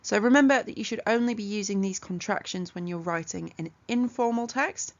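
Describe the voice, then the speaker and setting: A woman teaching an exam revision lesson, explaining punctuation rules clearly and methodically with examples. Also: mid-range voice, a little fast, highs cut off. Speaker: English tutor.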